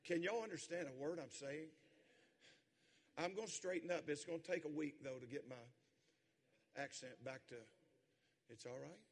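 A man preaching a sermon as pastor, swinging from quiet talk to loud, emphatic preaching in a church sanctuary. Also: on the high side, moderate pace, pauses often. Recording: long hall reverb.

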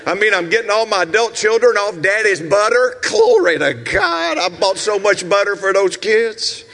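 A man in his sixties with a Southern US accent, preaching a sermon as pastor with shouted, rhythmic repetitions and asides to the congregation. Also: sits high, fairly even intonation, normal speed, long reverb tail, slight background noise. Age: 60s. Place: church sanctuary.

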